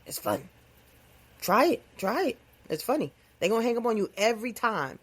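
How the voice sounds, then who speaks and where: Animated woman podcast host. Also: on the high side, moderate pace, slightly rough. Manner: animated, playful, conversational with vernacular phrasing. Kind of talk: casual comedic monologue.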